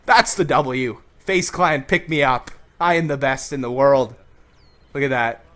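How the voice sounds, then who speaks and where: A man hosting a comedic advice vlog and shouting hyped gameplay commentary, brash and crude with constant jokes. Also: medium pitch, measured pace. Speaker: YouTube host.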